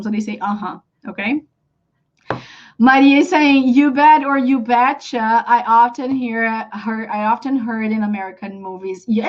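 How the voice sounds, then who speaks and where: High-voiced young Brazilian woman, native Portuguese speaker, chatty live English teacher, dull lo-fi audio. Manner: chatty, animated, many fillers. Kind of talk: live online English lesson.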